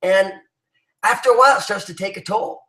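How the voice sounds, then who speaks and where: A man's voice: sits high, a little fast, sharp tone. Man, motivational talk, emphatic and rallying, roomy echo. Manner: emphatic, rallying, full of fillers and restarts. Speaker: business leader addressing his team.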